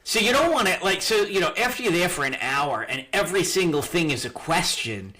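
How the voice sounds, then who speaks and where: A man with a high, bright voice tells a sheepish story in casual chat. His pitch swings in a lively way. He laughs at his own mistake. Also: brisk. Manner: self-mocking, laughs through his story.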